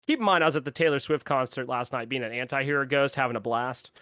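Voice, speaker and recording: A man's voice: medium pitch, fast talker, sharp tone. A young man co-hosting a podcast, telling a story in casual chat and laughing as he acts out the people in it. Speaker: podcast co-host.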